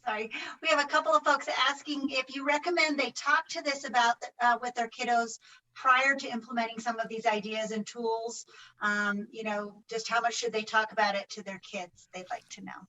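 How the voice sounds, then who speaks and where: A woman moderates an online talk, politely relaying questions from the audience. Her voice is bright and a little high. She sounds somewhat distant from the mic. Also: little pitch movement, normal speed.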